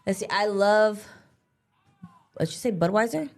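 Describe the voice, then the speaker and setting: A young woman co-hosting a casual live show, chatty and animated, full of "like" and quick laughs. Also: medium pitch, faint music behind. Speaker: co-host.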